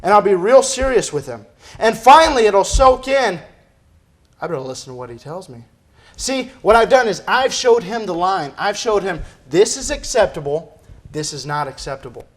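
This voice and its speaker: A man's voice: high voice, expressive, normal speed. A man preaching a sermon as pastor, emphatic and firing off rhetorical questions. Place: church.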